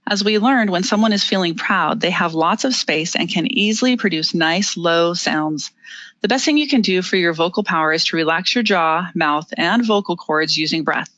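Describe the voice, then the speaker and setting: A presenter teaching interview skills in a webinar, explaining each step clearly with the odd filler and small laugh. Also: mid-range voice, moderate pace, sharp tone, no echo, highs cut off. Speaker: webinar presenter on body language. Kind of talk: instructive presentation.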